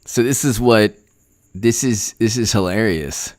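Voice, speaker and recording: A man hosting political commentary, talking with mocking, deadpan sarcasm. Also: lowish voice, a little slow, no room sound, studio quality. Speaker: host.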